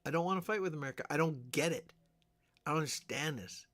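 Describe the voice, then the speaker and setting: A man's voice: a little high, fast talker, fairly bright tone. An older man from Alberta, Canada, hosting a casual livestream, rambling and chatting with viewers and answering their comments. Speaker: livestream host. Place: small town home.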